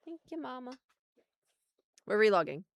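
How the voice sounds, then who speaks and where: A woman's voice: a little high, very animated, normal speed, dry recording. A woman hosting a casual gaming livestream, talking to chat and laughing often.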